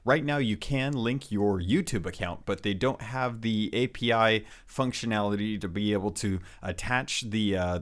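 A man with a somewhat deep voice hosts a relaxed gaming podcast. He leans into playful pirate lingo before settling into easygoing, rambling chat with occasional fillers. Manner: hammy pirate-talk greetings, then relaxed rambling with fillers. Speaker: podcast host.

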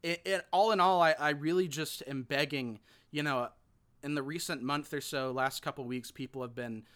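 A man hosting a casual movie review chat, halting and chatty with many restarts. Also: fairly high pitch, fairly even intonation, fairly bright tone.

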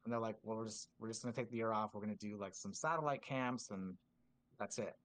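A man's voice: lowish voice, fast, no echo. A man, a drumline instructor, telling stories casually on a podcast and acting out quoted dialogue with lots of filler words. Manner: animated, acts out quoted dialogue in a raised voice.

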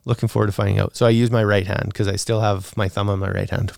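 A man co-hosts a podcast Q&A and thinks aloud as he goes, with plenty of fillers and easy laughs. His voice is smooth and resonant and sits fairly low. The close mic gives a dry, studio sound. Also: little pitch movement, fast, hardly any pauses, a little mellow, no echo. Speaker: podcast co-host answering listener questions. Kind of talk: casual podcast Q&A chat.

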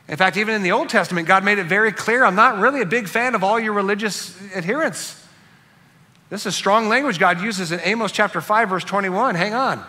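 A man preaching a sermon in a conversational, animated way, acting out quotes in other voices. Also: high-pitched, fairly quick, long reverb tail. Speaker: pastor.

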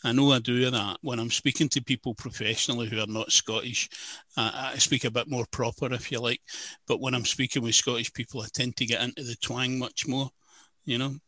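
Older Glaswegian male interviewer: very bright, dry close sound, relaxed storytelling delivery. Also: mid-range voice, brisk, no echo. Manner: chatty, anecdotal storyteller. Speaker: interviewer, radio presenter. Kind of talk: casual conversation.

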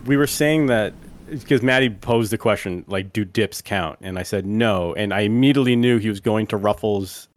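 A man's voice: on the low side, normal speed, dry recording. A man hosting a casual podcast chat, steering the segment and calling on his co-hosts by name. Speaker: podcast host.

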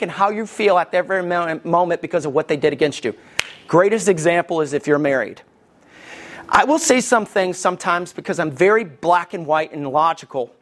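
A man preaching a sermon as lead pastor, animated and acting out quoted voices, calling out to the congregation. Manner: animated, acts out quoted voices with big pitch jumps; calls out to the congregation for response.

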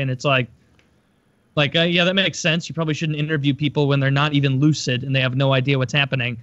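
A man's voice: mid-range voice, fairly even intonation, quick pace, fairly bright tone, no room sound, lo-fi sound. A man in casual chat, joking loosely and leaning on filler words.

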